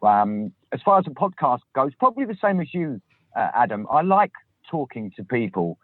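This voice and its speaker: A man's voice: medium pitch, very animated, normal speed, dry recording. A man from southern England, a podcast host, talking casually and self-deprecatingly from a parked car. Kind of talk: casual chat. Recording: tinny dry phone line.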